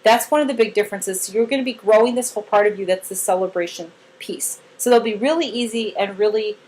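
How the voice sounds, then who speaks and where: A woman's voice: mid-range voice, quick pace, a little mellow, low-quality recording. A woman giving a casual one-on-one training session to a new team member, chatty and demonstrative as she acts out examples.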